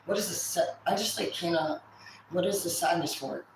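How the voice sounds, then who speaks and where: A woman in her forties venting on a livestream in rambling, profane, halting speech. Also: fairly low pitch, heavy reverb, background noise.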